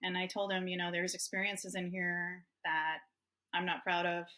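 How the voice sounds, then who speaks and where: A woman's voice: on the low side, little pitch movement, moderate pace, bright, forceful tone. A woman in her fifties from Hawaii, a guest author telling personal stories in an open, emotional way and laughing often. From Hawaii, United States. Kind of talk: candid personal storytelling.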